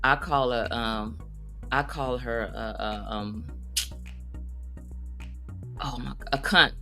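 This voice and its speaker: A woman comedian rambles through her stories in a casual, animated monologue. Her voice sits low yet comes across bright and forceful. Now and then she flips into high, squeaky voices to quote people, and faint music plays behind her. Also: slow. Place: Las Vegas.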